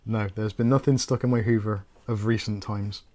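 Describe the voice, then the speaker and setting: A man's voice: fairly low pitch, fairly even intonation, moderate pace, a little mellow. A man with a Bristolian accent hosting a livestream, chatting casually and thinking aloud while he builds a PC.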